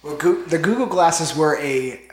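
A man's voice: a little high, a little slow, noisy background. A man co-hosting a casual podcast, telling stories with lots of swearing and acting out what other people said. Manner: animated storyteller, swears, acts out other people. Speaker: podcast co-host. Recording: echoey room.

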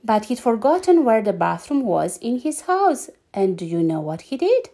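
A woman reading a children's story aloud, lively and animated, giggling now and then. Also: on the high side, moderate pace.

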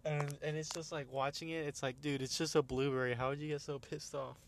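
A man's voice: a little high, little pitch movement, brisk, slight background noise. A young man casually retelling funny videos, rambling with restarts, laughing often and using plenty of slang. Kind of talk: casual storytelling chat.

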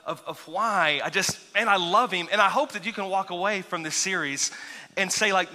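A man preaching a sermon as pastor, telling a story in an animated, chatty way with self-teasing asides and many restarts. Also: high voice, moderate pace. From grew up near Seminole. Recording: long reverb of a large hall.

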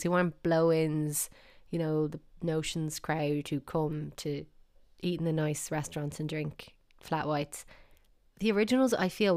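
An Irish woman hosting a podcast, talking casually in a playful, animated, mock-baffled way. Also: on the low side, clean tone, dry recording, studio quality. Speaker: podcast host. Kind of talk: casual solo podcast talk.

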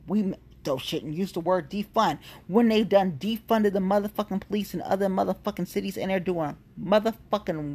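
A woman's voice: medium pitch, slightly rough. A woman talking casually to camera in a blunt, profane, heated and exasperated rant about protests and her plans. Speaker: activist vlogger.

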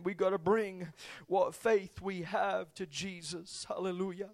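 A man preaching a sermon, impassioned, swinging between hushed reflection and loud, fervent appeals. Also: high-pitched, steady tone, measured pace, creaky.

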